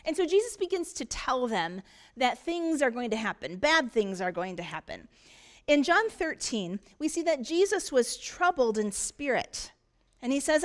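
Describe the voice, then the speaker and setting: High-voiced woman pastor preaching. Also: big pitch swings, measured pace. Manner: storytelling, earnest, frequent restarts. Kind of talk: sermon. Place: church.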